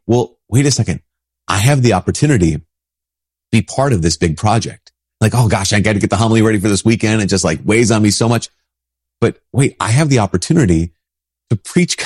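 Brief: husky low-voiced man, priest with a head cold, rambling conversational talk, dry close sound. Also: a little mellow, no echo. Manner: casual, rambling, frequent restarts. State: sick with a stuffy nose. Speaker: Catholic priest.

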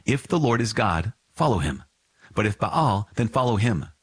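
A man's voice: on the low side, very animated, moderate pace, slightly rough, dry recording, pitched above the performer's own voice. A man reading the part of a bold prophet, firm and commanding. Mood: stern. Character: stern bold male prophet.

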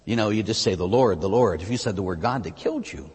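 American priest giving a sermon, husky voice, big ups and downs, long echo like a church hall. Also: male voice, fast talker. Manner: animated, rises high on emphatic phrases then drops low and quiet.

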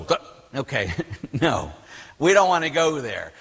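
Priest guy teaching, husky but bright voice, lively and emphatic, long reverb like a big hall. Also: mid-range voice, measured pace. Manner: animated storytelling with emphatic outbursts. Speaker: Catholic priest. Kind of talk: teaching talk to a class.

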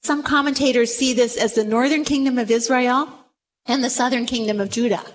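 High-voiced woman preaching dramatically. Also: steady tone, brisk. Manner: dramatic, acts out the quoted lines. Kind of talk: sermon. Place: room with a gathered audience.

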